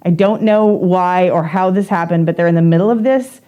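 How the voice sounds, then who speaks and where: A woman's voice: on the low side, moderate pace, smooth, lo-fi sound. A woman co-hosting a casual podcast, telling a story in a wry, amused way. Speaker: podcast co-host. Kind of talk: casual chat.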